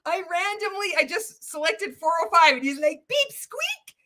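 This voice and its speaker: Sarcastic high-voiced woman reacting. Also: moderate pace, bright, forceful tone. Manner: sarcastic, swearing, bursting into laughter. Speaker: reaction video host. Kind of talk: casual reaction commentary.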